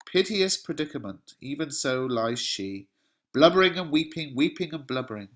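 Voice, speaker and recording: A man's voice: a little high, lively intonation, moderate pace, a bit bright, pitched above the performer's own voice. A man reading the lines of an older female nurse, pleading and lamenting. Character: fussy, tearful older nurse, a woman.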